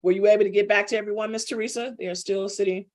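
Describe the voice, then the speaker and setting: Speaking very fast in a steady, mid-range voice, a playful middle-aged woman leads a live online lesson. She keeps it chatty and teasing, picking out class members by name.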